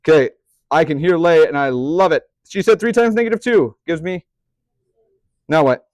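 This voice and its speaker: A man's voice: on the high side, normal speed, no echo. A young man teaching a math class, chatty, often putting questions to the students. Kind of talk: classroom lecture.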